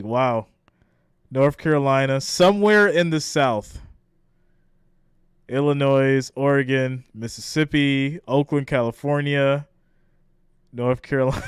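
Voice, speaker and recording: A man's voice: medium pitch, takes it slowly, clear, resonant tone, dry recording, clean studio sound. A man from New York hosting a live stream in a casual chat style. He reads viewer guesses aloud and laughs often.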